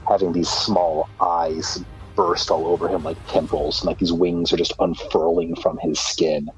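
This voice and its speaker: A man's voice: deep voice, level tone, measured pace, faint music behind. A man playing a tabletop game, describing a scene imaginatively and rambling with fillers. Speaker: player. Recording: dull lo-fi mic.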